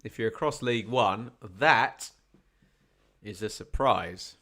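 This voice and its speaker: A man's voice: on the low side, slow. A man doing chatty live commentary on a football match for a watch-along stream. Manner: chatty, wry asides, gets excited at chances.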